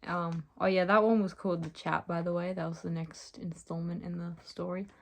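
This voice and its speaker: A woman's voice: lowish voice, flat delivery, fairly quick, gravelly. A young woman reading aloud stories she wrote as a child, breaking off for giggly, self-mocking asides. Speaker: reader of her childhood stories.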